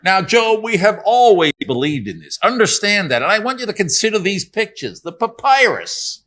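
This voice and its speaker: A man's voice: high-pitched, big pitch swings, normal speed, fairly bright tone, voice pushed up. A man voicing a younger American man, a preachy accusing friend, with an American accent and an insistent, lecturing way of talking.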